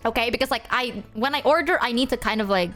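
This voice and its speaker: A young woman streamer telling stories to her chat in a casual, animated way, acting out exchanges with bursts of Japanese. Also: a little high, fast, faint music behind. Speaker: VTuber streamer.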